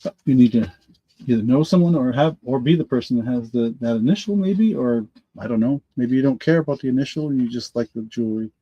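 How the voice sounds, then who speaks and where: A middle-aged man hosting a live online auction, congested from allergies and slightly raspy, rambling and correcting himself as he answers viewers by name. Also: mid-range voice, animated, fast talker, dark tone, no room sound, highs cut off. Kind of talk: live-stream auction chat.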